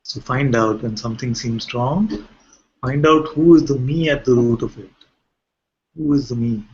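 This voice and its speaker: A man's voice: medium pitch, normal speed, slightly rough. A man who is a spiritual teacher, giving a conversational talk to a gathering and often asking rhetorical questions. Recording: muffled lo-fi recording.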